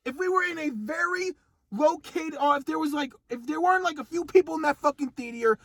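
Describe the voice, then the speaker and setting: A young man co-hosting a casual movie review chat, excitable and profane, ranting with lots of swearing. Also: extremely high pitch, fairly quick, no room sound. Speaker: co-host.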